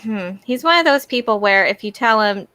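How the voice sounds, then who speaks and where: An enthusiastic woman chats casually on a podcast panel, dotting her talk with "like" and soft laughs. Her voice sits at an ordinary pitch and sounds dry and close. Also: animated, normal speed, no echo. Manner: enthusiastic, filled with "like" and light laughter. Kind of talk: casual chat.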